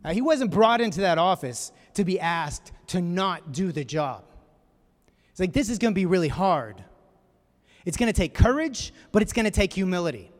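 Casting: animated male preacher with a high voice, storytelling sermon, reverberant hall. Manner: animated storyteller, quick asides. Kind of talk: sermon retelling a film scene. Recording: echoey hall.

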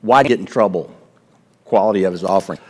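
A man's voice: low-pitched, fast talker, long reverb tail. A pastor preaching a sermon to his congregation, emphatic and asking them questions as he teaches.

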